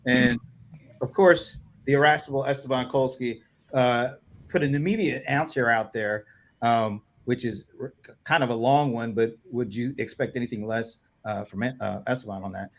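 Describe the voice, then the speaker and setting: A man's voice: mid-range voice, moderate pace. A man hosting a casual livestream chat over a video call, rambling with many fillers and chuckles. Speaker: host.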